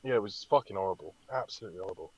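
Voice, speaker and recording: A man co-hosting a podcast, telling a story in an animated way and swearing freely. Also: low-pitched, racing, slightly rough, dry recording, lo-fi sound. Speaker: podcast co-host. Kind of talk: casual chat.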